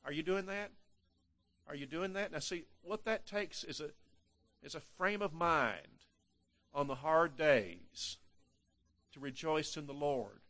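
An older male preacher giving a sermon, with emphatic delivery that swings between loud and hushed passages and frequent repeated words. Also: fairly high pitch, a little slow, pauses often.

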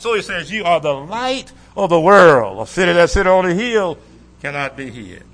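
A man's voice: fairly high pitch, pushed and bright, a little hiss or hum, low-quality recording. A man preaching a sermon, quoting scripture in old-fashioned wording, with rhythmic swells and sudden drops for emphasis.

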